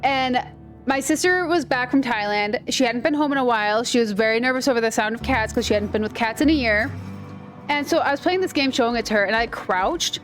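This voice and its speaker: A woman's voice: fairly high pitch, fairly quick, faint music behind. A woman giving casual, rambling commentary while playing a video game and telling stories. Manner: chatty, rambling storyteller. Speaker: gaming video creator. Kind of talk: casual let's-play commentary.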